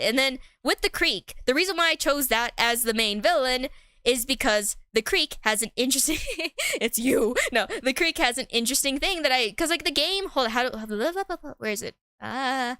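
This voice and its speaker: A woman's voice: sits high, expressive, fairly quick, sharp tone, no room sound, studio quality. A woman streamer chatting casually while playing a game, rambling and giggly, with lots of fillers.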